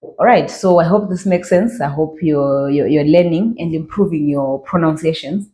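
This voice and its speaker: A woman's voice: deep voice, moderate pace, dark tone. A woman from Zimbabwe teaching a beginner reading class, patiently drawing out each model word and checking in with okay and all right. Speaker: language teacher. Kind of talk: slow pronunciation lesson.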